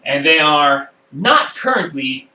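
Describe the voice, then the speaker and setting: Lively man running a home tabletop game. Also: fairly high pitch. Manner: animated narration with quick voiced asides, many fillers. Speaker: game master. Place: room at home. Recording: echoey room, far from the mic.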